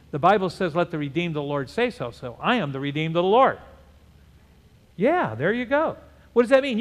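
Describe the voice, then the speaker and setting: Older male pastor, emphatic sermon delivery, slightly high voice, reverberant hall. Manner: emphatic preaching, repeats words, asks congregation to repeat.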